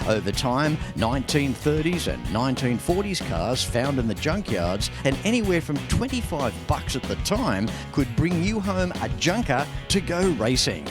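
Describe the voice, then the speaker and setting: Lively Australian car-show presenter. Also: male voice, mid-range voice. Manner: enthusiastic, lively presenter delivery. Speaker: TV motoring show host. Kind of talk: presenter narration. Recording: music bed underneath.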